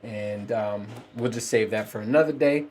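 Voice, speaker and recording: A man's voice: on the low side, normal speed, darkish tone, a little hiss or hum. A man hosting his own podcast, ranting casually with a lot of swearing and rambling asides. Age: adult parent. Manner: profane, rambling, frequent laughs. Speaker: podcast host. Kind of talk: casual solo podcast rant.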